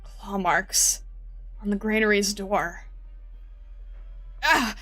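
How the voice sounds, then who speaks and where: A woman streamer calmly narrating a game's story aloud, over faint background music. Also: medium pitch, unhurried. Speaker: streamer reading a game story.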